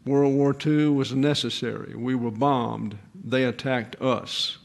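A man in his eighties, a pastor giving a sermon in an earnest, measured way with pauses. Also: medium pitch, steady tone, gravelly. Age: 80s.

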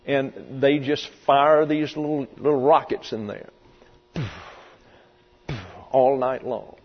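A pastor with a medium-pitched voice and fairly even intonation preaches slowly through an expository sermon, delivering it emphatically and vividly and sometimes voicing the people he quotes. The reverberant hall recording is dull and lo-fi, with mains hum.

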